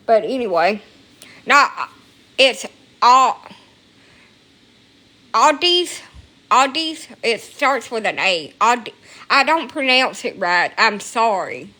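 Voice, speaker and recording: A woman's voice: on the high side, expressive, slow, sharp tone. Rambling, emotional woman vlogging at home. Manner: rambling, emotional, swears freely. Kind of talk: casual rambling monologue. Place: at home, indoors.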